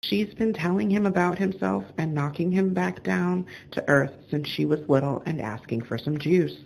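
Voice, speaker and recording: A woman hosting a show, reading calm, measured scripted narration. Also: fairly low pitch, creaky, a little hiss or hum, poor audio. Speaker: show host.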